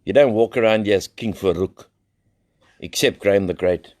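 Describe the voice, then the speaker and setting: A man's voice: on the low side, normal speed, darkish tone. A middle-aged South African man, founder of a recovery center, sharing his story in a loose, rambling way, blunt and full of slang and swearing. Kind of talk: live recovery share, casual storytelling.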